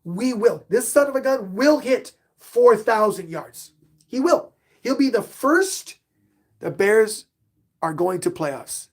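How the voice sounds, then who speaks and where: A man with a fairly high voice talks through a live-stream sports show in a casual, unscripted way. He is excitable and swings between loud, punchy outbursts and quiet muttered asides. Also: slow. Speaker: podcast host and sports fan; bartender.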